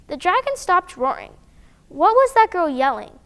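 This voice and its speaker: A woman reading a children's picture book aloud, animated and expressive, with sound effects. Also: extremely high pitch, moderate pace. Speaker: storyteller.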